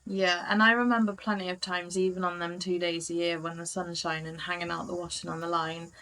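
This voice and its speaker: Giggly Welsh woman, low voice. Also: little pitch movement, brisk, pushed and bright, poor audio. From Wales. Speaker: vlogger. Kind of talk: casual chat.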